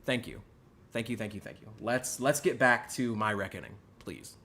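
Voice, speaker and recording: A young adult man hosting a podcast, delivering an exaggerated, sarcastic mock apology that swings between loud outbursts and muttered asides. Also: on the low side, animated, normal speed. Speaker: podcast host.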